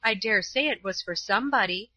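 A woman voicing a gentle, tender-hearted young schoolgirl in a storybook, with a soft, pleading manner. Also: mid-range voice, brisk, no echo.

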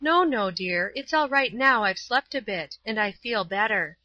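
A woman reading aloud voices a sick but gentle young woman teacher, speaking softly and reassuringly. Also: mid-range voice, animated, a little slow, no room sound. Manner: soft, reassuring. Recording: slightly dull, dry.

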